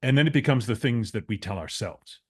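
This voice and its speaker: A male interview host speaks at a mid pitch in a casual, conversational way. He often stalls and repeats words while working out what to say. He responds warmly to the story he just heard. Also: animated, husky. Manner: halting, repeats words while gathering thoughts. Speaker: podcast host.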